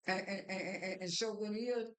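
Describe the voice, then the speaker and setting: A woman's voice: mid-range voice, fairly even intonation, moderate pace. Brief: woman vlogger, mid-range voice, loose rambling recap full of restarts, echoey room. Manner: rambling, with many restarts and fillers. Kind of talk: casual spoken recap.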